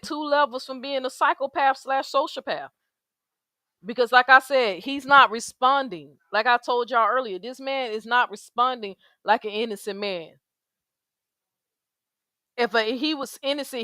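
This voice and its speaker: Black woman ranting on a stream, cussing, bright highish voice, dry close sound. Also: clean tone, dry recording. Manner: blunt, profane, emphatic, heavy slang. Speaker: commentary streamer. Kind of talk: outraged livestream commentary.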